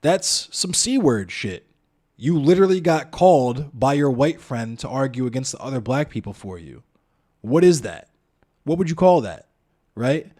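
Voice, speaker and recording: A man's voice: mid-range voice, expressive, a little slow, a little mellow. A man streaming live, arguing his point bluntly and profanely, talking straight to his chat and throwing out rhetorical questions. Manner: profane, blunt, addresses chat and viewers directly. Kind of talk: heated live-stream commentary.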